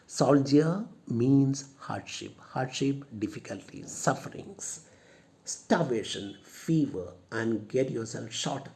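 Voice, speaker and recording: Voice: mid-range voice, lively intonation, slow pace, gravelly, darkish tone. A teacher, explaining a play line by line and defining words. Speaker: English teacher.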